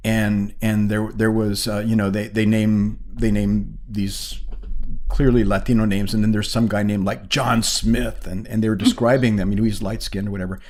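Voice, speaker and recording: A man's voice: on the low side, little pitch movement, moderate pace, darkish tone. An older man, a poet guest on a podcast, explaining ideas in casual conversation with frequent restarts.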